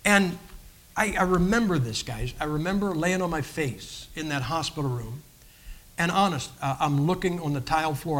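A man preaching his personal testimony from the pulpit, folksy and earnest, often stopping to restart a phrase. His voice sits high and sounds bright and forceful. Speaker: guest preacher.

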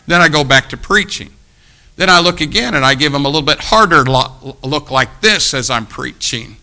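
Casting note: male preacher, gravelly and bright, slightly high, animated storyteller. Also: normal speed. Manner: animated anecdote with acted quotes, laughing at himself. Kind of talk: storytelling sermon.

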